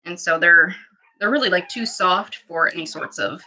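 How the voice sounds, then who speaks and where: A woman who breeds dogs, chatting casually on a livestream and talking to her puppies in high baby talk. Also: moderate pace, sharp tone, low-quality recording. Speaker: dog breeder streaming puppies.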